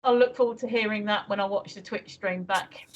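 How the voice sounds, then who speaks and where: A woman chatting casually on a live stream, relaxed and quick to laugh along. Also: mid-range voice. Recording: dull lo-fi call audio.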